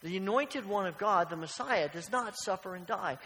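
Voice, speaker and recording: A man's voice: high-pitched, expressive, moderate pace, bright, forceful tone. A man preaching a sermon as pastor, earnest and questioning, often repeating phrases. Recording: long hall reverb, faint hiss.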